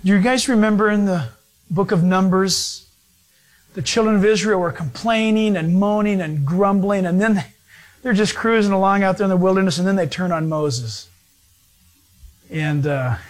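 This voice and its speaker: A man preaching an informal sermon, rambling and joking, laughing often and acting out the people in his stories. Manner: rambling, jokey, laughs often, acts out characters; animated, jumps in pitch when quoting.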